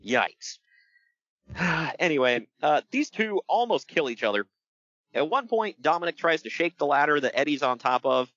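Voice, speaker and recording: A man co-hosting a podcast, recapping wrestling matches in casual chat, animated and laughing often. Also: a little high, normal speed, dry recording, muffled recording. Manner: animated, laughs often, breaks into loud impressions. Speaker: podcast co-host.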